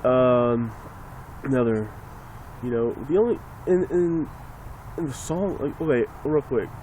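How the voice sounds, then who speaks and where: A man's voice: medium pitch, measured pace, warm tone, slight background noise. A man ranting casually and sarcastically into a phone, rambling and swearing as he talks. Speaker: vlogger.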